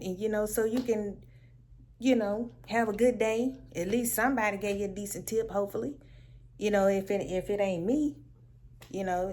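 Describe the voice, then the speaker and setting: A woman telling a casual storytime vlog at home, animated and sassy, laughing often. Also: medium pitch. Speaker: vlogger.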